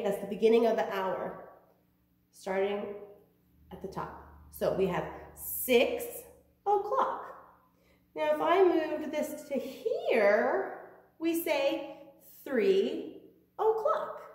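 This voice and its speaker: A woman's voice: high voice, darkish tone. A woman teaching preschoolers from home, talking in a sing-song, child-directed way. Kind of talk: virtual preschool lesson. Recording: echoey room, far from mic, faint ambience.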